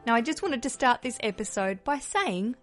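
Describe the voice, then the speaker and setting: A woman's voice: fairly high pitch, very animated, normal speed, soft background music. A young woman with an Australian accent, hosting a podcast in a bubbly, joking tone. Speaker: podcast host. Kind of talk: casual podcast chat.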